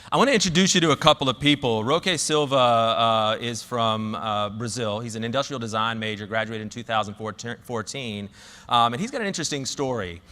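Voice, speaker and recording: A man's voice: mid-range voice, brisk, pushed and bright, in a large hall. A man with a Southern US accent telling a story as a conference speaker, with many fillers and restarts. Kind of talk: conference talk.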